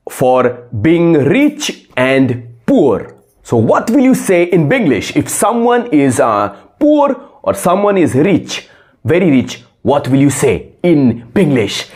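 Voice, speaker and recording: A man acting as an English teacher, asking questions slowly with frequent fillers. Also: medium pitch, sing-song, a little mellow. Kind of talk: scripted classroom role-play.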